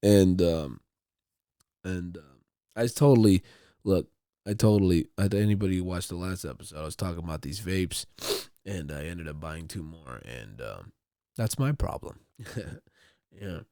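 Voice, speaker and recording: A man's voice: low-pitched, lively intonation, normal speed, long pauses, warm tone, no room sound, studio quality. A man hosting a podcast, talking alone in a casual, rambling way with lots of swearing and repeated words. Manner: rambling, profane, repeats himself. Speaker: podcast host. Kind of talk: casual solo monologue.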